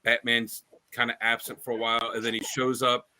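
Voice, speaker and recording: A man's voice: medium pitch, completely flat delivery, a little fast, pushed and bright, a little hiss or hum. A man co-hosting a podcast, telling stories in a rambling casual chat with many fillers and restarts. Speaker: podcast co-host.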